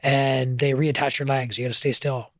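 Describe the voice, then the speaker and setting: A man's voice: medium pitch, little pitch movement, moderate pace, dry recording, clean studio sound. A man telling his story in a casual interview, earnest and emotional, at times choking up. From Canada. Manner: earnest, emotional, gets choked up. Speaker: firefighter guest.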